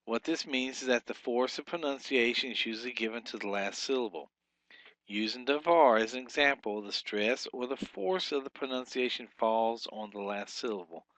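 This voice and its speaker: Male teacher, mid-pitched, dry close sound, patient explainer with ums and slow examples. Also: a bit bright, dry recording. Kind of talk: recorded language lesson.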